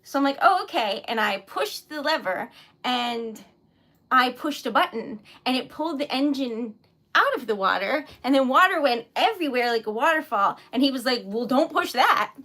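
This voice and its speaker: A woman's voice: sits high, expressive, moderate pace, bright, forceful tone. A young woman from New England chatting casually on a livestream while crafting, jet lagged, giggling often and rambling through stories. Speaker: livestream host making wax stickers.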